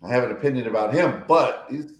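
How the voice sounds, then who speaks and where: An American man co-hosting a casual podcast chat over a video call, enthusiastic and quick to repeat his praise. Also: mid-range voice, roomy sound, poor audio. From United States.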